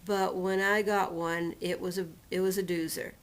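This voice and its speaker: A woman recounting a painful personal experience in a storytelling manner, slowly and deliberately, acting out what was said to her. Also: on the low side, flat delivery. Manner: emotional retelling, quotes others and herself dramatically. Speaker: personal testimonial speaker.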